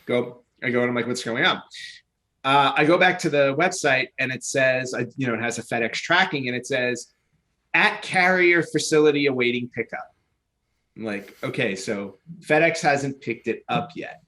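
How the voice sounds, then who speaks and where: A man co-hosting a casual podcast chat, telling an animated story and acting out both sides of his phone calls. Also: mid-range voice, moderate pace. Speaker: podcast co-host.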